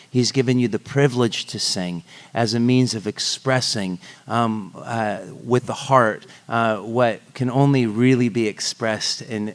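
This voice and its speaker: A male pastor giving a sermon at a church service, at a mid-range pitch typical for a man. He speaks in a conversational, self-interrupting way, breaking up serious points with light jokes. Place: church service before singing congregation.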